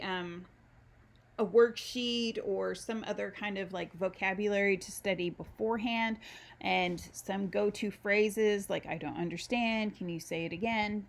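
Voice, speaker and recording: Slow-paced woman giving a lecture. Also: mid-range voice. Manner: unhurried, explains with many ums and pauses. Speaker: university instructor. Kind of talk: recorded screen-share lecture.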